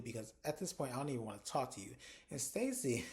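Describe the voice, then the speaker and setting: A man recapping a reality TV episode in casual commentary, animated and profane, acting out the cast's lines in exaggerated voices. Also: medium pitch, fast talker.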